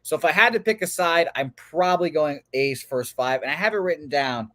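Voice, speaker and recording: A man's voice: on the high side, brisk, pushed and bright, no echo. A man with a nasal voice co-hosting a betting show, blunt and joking while quoting stats and odds. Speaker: sports betting co-host. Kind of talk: casual betting talk.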